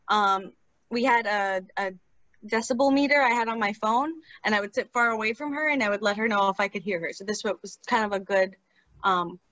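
A woman's voice: mid-range voice, a bit bright, dry recording, highs cut off. A woman in her twenties, a speech-language therapist, telling a client story in an earnest, conversational way during an interview.

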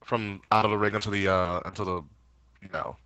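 Deep, bright-voiced man in blunt chat. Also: level tone, brisk, clean tone, no room sound. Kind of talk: casual wrestling chat.

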